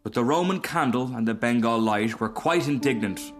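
A man narrates a fairy tale aloud, measured and expressive, with a middle pitch. Faint music plays softly behind his reading. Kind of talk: storybook reading.

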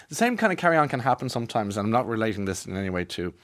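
A man's voice: medium pitch, racing, few pauses, dry recording, studio quality. An Irish man presenting a radio show, chatting casually in a rambling way with lots of restarts and asides. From Ireland. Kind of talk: casual monologue.

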